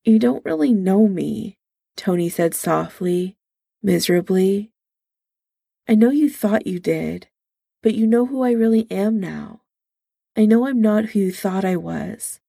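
A woman reading a story aloud in a soft, intimate way, only lightly changing her voice for the dialogue. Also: mid-range voice, unhurried, creaky, pauses often, slightly rough, dry recording, studio quality. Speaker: reader. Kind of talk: audiobook-style story reading.

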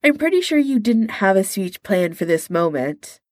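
A woman's voice: medium pitch, big pitch swings, normal speed, a little mellow, dry recording, studio quality, natural voice. A woman voicing a glib engineer man who talks in a wry, teasing way.

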